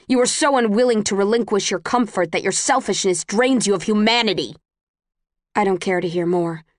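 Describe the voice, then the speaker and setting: A woman reads a first-person audiobook in a measured, tense storytelling manner. Her voice sits at an everyday middle pitch, and the recording is dry and close, with no room sound. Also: no echo. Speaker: audiobook narrator.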